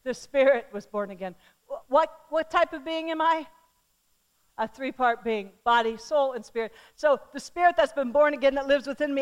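A middle-aged woman preaching a sermon, emphatic and often asking the congregation questions, swinging from loud declarations to hushed, tender storytelling. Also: high voice, normal speed.

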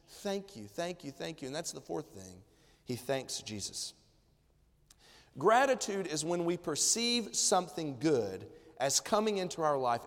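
A middle-aged male pastor preaching a sermon, animated and acting out people's words in quoted voices. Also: a little high, long reverb tail.

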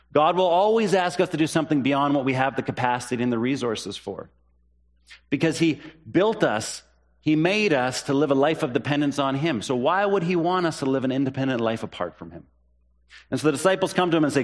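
A pastor preaching a sermon, earnest and repeating key phrases for emphasis. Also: male voice, expressive, fairly quick. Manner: rises in pitch when voicing the disciples' questions.

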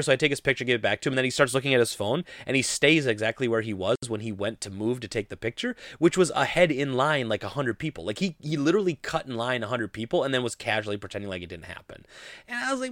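A young man vlogging, telling a story in a rambling, animated way full of "like" fillers. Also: mid-range voice, fast, no room sound, clean studio sound. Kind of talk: casual storytelling to camera.

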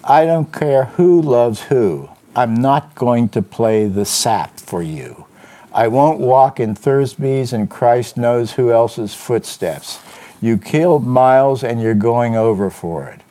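Man reading hoarse hard-boiled detective, clipped and forceful, warm low timbre. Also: lively intonation, slow. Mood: bitter. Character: hard-boiled male detective, bitter and cornered.

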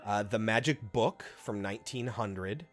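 A man co-hosting a podcast, chatting casually about a film in an animated, profane way with quick asides. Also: fairly low pitch, over music. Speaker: podcast co-host.

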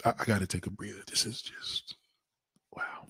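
A husky-voiced man rants, sweary and heated. His voice swings up and down all over, and the sound is dry and close. He jumps from loud bursts to low muttering. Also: wildly swooping pitch, normal speed, dry recording, whispered. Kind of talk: profane ranting monologue.

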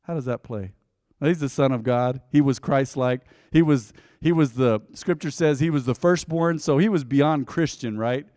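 A man, preaching a sermon as pastor and telling a story from the pulpit, loud exhortations giving way to hushed asides. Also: mid-range voice, moderate pace, no echo, clean studio sound, in a large hall.

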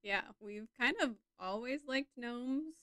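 A woman's voice: fairly high pitch, slow pace. A woman co-hosting a casual podcast, playful and giggly, rambling through her notes. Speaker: podcast co-host. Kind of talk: casual chat.

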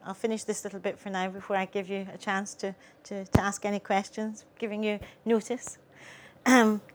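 A woman's voice: mid-range voice, a little hiss or hum. A woman poet giving a live poetry reading, with chatty asides between poems.

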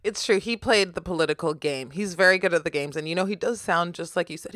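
A woman's voice: on the low side, quick pace, hardly any pauses, fairly bright tone, no echo. A woman, co-hosting a podcast in rambling, casual chat full of fillers. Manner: rambling, many fillers, laughing. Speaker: podcast co-host.

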